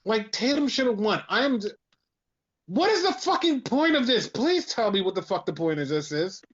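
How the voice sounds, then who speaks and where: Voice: medium pitch, sing-song, normal speed, slightly rough. Profane ranting podcast co-host, dull audio. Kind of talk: casual wrestling review chat.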